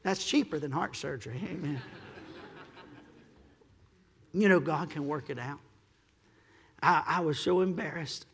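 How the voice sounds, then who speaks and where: A male pastor preaching a storytelling sermon, emphatic, acting out the people in his stories and rising to loud peaks. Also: a little high, moderate pace, slight background noise. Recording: long hall reverb.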